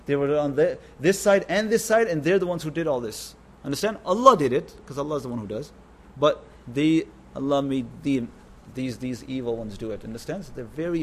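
Male preacher, slightly higher voice, informal sermon to a gathering, repetitive, keeps checking in with listeners. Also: a little mellow, slight background noise. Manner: repetitive, keeps asking "understand?". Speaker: religious teacher. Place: religious gathering.

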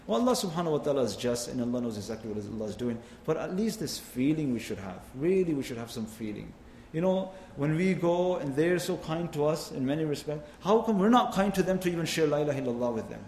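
A man's voice: a little high, expressive, quick pace, darkish tone, slight background noise. A man preaching a sermon with impassioned, rising and falling delivery, mixing in Arabic phrases. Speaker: Islamic preacher. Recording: echoey hall, faint ambience.

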